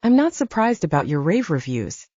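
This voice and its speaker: A woman's voice: on the low side, very animated, normal speed, dark tone, dry recording, muffled recording. A woman voicing an outspoken, opinionated young woman intern in an audiobook.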